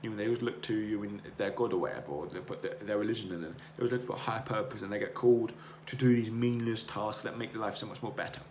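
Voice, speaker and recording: A man with a lowish voice talks earnestly and circles back over his own words in a rambling motivational monologue. The room around him is echoey, and a faint hiss sits under the voice. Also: steady tone, rapid-fire, few pauses, a little mellow. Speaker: podcast host. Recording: roomy echo, faint noise.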